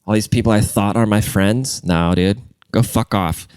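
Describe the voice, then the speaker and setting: With a fairly low, smooth voice at normal speed, a young man rants casually on his own podcast. He's congested, crude and rambling, alternating loud and muttered delivery in a dry recording.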